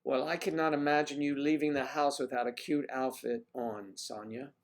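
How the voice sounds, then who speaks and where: A man's voice: medium pitch, fairly even intonation, moderate pace. A man hosting a livestream, chatting casually with viewers in a rambling, teasing way. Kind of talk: casual chat.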